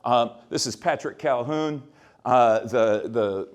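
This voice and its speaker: A man's voice: mid-range voice, slow pace. A man, a history professor, giving an informal workshop lecture in a rambling, conversational way, full of restarts and checks like "right?".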